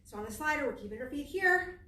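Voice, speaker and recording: Animated and quick, this woman's high-pitched voice comes across bright and forceful. Running a workout class, she chats away and jokes at her own expense while exercising, sometimes panting. The echoey room places her at a distance from the mic.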